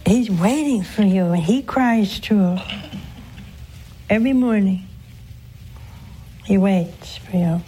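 A nun hosting a call-in show, preaching and answering callers in a slow, earnest way, swooping up in pitch for emphasis. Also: female voice, warm tone, a little hiss or hum, poor audio.

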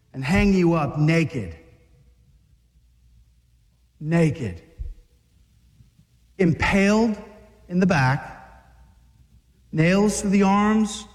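Fiery high-voiced preacher in a hall. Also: male voice. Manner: dramatic, acts out voices, shouts at peaks. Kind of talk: fiery sermon to men.

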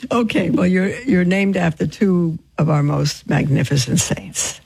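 Radio host lady, gravelly husky voice, dry close mic, motherly way of talking. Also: fairly low pitch, measured pace, hardly any pauses, no echo. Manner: warm, motherly, calls callers honey and sweetheart. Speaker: radio show host, religious sister. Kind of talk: call-in radio talk.

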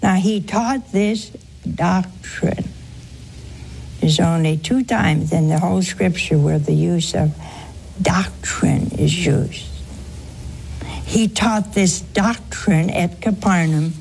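A woman's voice: fairly low pitch, creaky, a little mellow, a little hiss or hum. A woman hosting a religious call-in show, answering a caller with earnest, emphatic teaching and repeated points. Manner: slow, earnest, emphatic preaching with repetitions.

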